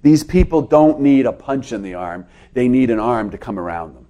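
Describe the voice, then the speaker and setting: A man preaching a sermon to his congregation, earnest, with his pitch rising and dropping for emphasis. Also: lively intonation, moderate pace, lo-fi sound. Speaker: pastor.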